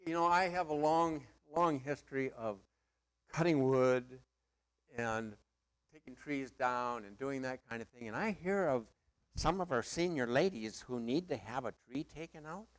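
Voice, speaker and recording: A man's voice: mid-range voice, measured pace, clean tone. A middle-aged male pastor preaching a sermon in a conversational, emphatic way with playful asides.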